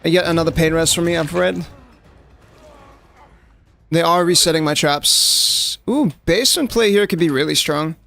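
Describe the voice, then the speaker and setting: A young man talks through his match live, tossing in "like" and chatting to his viewers as he plays. His voice sits a little high with a gravelly rasp. Relaxed, unscripted streaming chatter. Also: normal speed, long pauses, faint music behind. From South Africa. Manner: casual, chatty, lots of "like" fillers, addresses chat. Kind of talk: live gameplay commentary.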